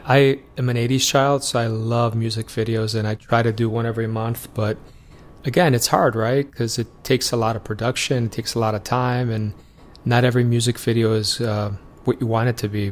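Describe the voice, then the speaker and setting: A man's voice: mid-range voice, fairly even intonation, fairly quick. A man hosting an interview, asking questions and agreeing with his guest in an encouraging way. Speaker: interview host. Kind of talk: casual interview talk.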